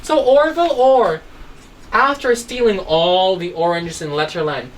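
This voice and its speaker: A woman's voice: mid-range voice, unhurried, slight background noise. Patient woman teaching phonics at a distance. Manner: patient, questioning teacher voice with story acting. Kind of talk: online phonics lesson for a child.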